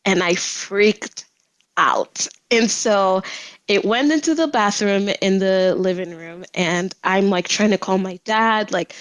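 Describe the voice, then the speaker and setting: A young woman tells a story on a podcast, with plenty of laughter breaking through. Her voice sits in an ordinary middle pitch and is recorded close and dry, with no room sound. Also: measured pace, dry recording, poor audio. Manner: animated, laughs often while telling. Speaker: podcast guest. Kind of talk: casual storytelling.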